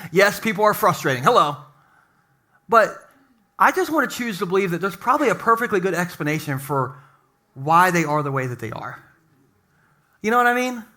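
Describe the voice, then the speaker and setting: Jokey male pastor, high and bright, chatty sermon delivery. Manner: playful, jokey, conversational preaching. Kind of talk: humorous sermon. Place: church sanctuary.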